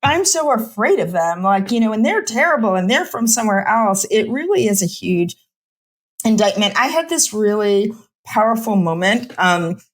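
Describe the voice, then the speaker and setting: A woman's voice: mid-range voice, lively intonation, moderate pace. A middle-aged woman physician in a podcast interview, talking with passion in long run-on bursts full of "like". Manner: impassioned, speaks in run-on bursts with many "like" fillers. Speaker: physician and homelessness researcher.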